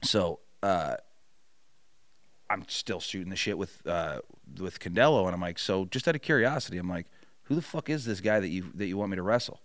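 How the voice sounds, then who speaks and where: A man's voice: sits low, brisk, dry recording. A middle-aged man telling a long story in a casual chat, swearing freely and acting out what others said. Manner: profane, animated storyteller acting out quotes. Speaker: podcast guest.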